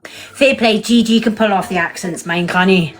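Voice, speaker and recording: A woman's voice: mid-range voice, normal speed. A woman co-hosting a live stream, laughing, swearing casually and reading out viewer comments. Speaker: co-host on a livestream.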